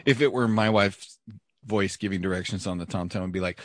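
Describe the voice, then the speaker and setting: A man's voice: sits low, brisk, dry recording, studio quality. A man hosting a podcast, telling wry stories in casual banter. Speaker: podcast host.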